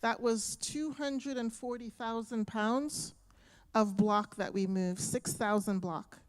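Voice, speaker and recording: Slow, earnest woman giving testimony. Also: on the high side. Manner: earnest and grateful, moved by the memory. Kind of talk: testimony to a congregation. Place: church sanctuary.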